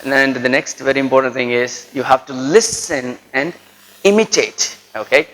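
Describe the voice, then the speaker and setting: A man's voice: medium pitch, fairly even intonation, moderate pace, a bit bright, low-quality recording. A man with an Indian English accent giving a pronunciation lesson to students, repeating words with heavy stress and checking in with "right?". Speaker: lecturer. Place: college lecture.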